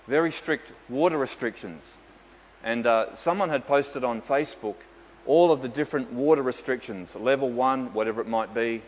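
A man's voice: medium pitch, a little hiss or hum. A man, a pastor telling stories with dry humour in a sermon. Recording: dull echoey hall with faint ambience.

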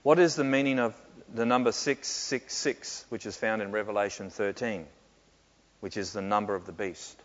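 A man answering questions in a sermon, reflective and often pausing with fillers and soft laughs. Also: fairly low pitch, fairly even intonation. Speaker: pastor. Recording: muffled with long hall reverb.

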